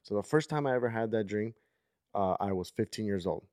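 A man's voice: on the low side, fairly quick, darkish tone, clean tone, dry recording, clean studio sound. A man in his thirties hosting a podcast, telling a long story in a casual, rambling way with lots of fillers. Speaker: podcast host.

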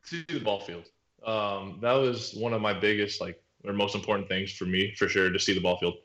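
A man's voice: on the low side, steady tone, normal speed, fairly bright tone, dull audio. A man in his thirties, a podcast guest, talking in a laid-back, rambling way with lots of fillers. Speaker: podcast guest, pro baseball pitcher. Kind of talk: casual chat. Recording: roomy echo.

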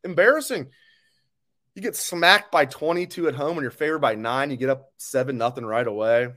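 A man's voice: mid-range voice, fairly quick, fairly bright tone. A man hosting a live sports talk stream, ranting angrily and bluntly, with swearing, as he reads viewer comments. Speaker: sports show host.

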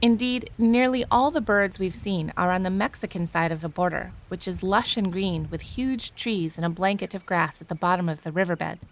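A woman radio reporter narrating a news feature in a calm, measured, descriptive way. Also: lowish voice. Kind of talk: scripted news narration and field interview.

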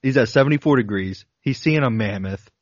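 A man's voice: medium pitch, brisk, no room sound, muffled recording. A man co-hosting a podcast, reading a flight log aloud with dramatic emphasis, chuckling between passages. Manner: dramatic reading with laughs breaking in. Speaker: podcast co-host.

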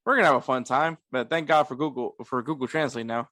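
A man's voice: medium pitch, fast talker, no echo, clean studio sound. A young man co-hosting a casual podcast chat, joking around and laughing often. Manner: laughs often, jokey and animated. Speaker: podcast co-host.

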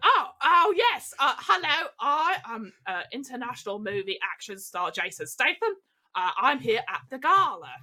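A woman's voice: sits high, very animated, moderate pace, sharp tone, voice pushed up, heavily acted. A woman voicing a male action movie star in a tabletop game, fussing and flustered about his money. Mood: pompous.

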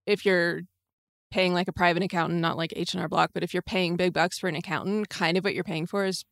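A woman's voice: on the low side, flat delivery, quick pace, creaky, no room sound, studio quality. A woman, a guest on a podcast, talking chattily with lots of filler words. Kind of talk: casual chat.

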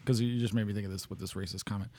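A man co-hosting a casual podcast chat, easygoing and quick to laugh, often asking his co-host questions. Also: fairly low pitch, fairly even intonation, a little mellow, no room sound.

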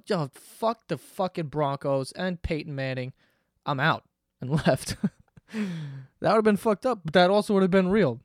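A young man hosting a podcast, ranting in a casual, animated and profane way. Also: high voice, no echo, clean studio sound. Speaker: podcast host. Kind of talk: casual monologue rant.

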